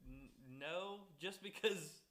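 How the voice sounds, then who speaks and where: A man in casual chat, teasing his friend dryly and breaking into high laughs. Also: takes it slowly, fairly bright tone, echoey room, a little hiss or hum.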